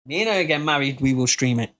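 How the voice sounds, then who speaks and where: A man from the United Kingdom hosting a casual live podcast, joking and laughing, now and then breaking into silly high-pitched quoted voices. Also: expressive, quick pace, fairly bright tone. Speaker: podcast host.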